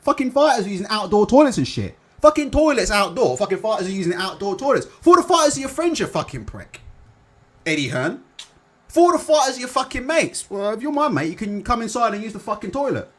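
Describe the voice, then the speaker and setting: A man's voice: sits high, a bit bright. A young man hosting a live chat, reading out comments and ranting with lots of swearing and "innit". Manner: swearing, rambling, fillers like "innit" and "yeah". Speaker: live stream host.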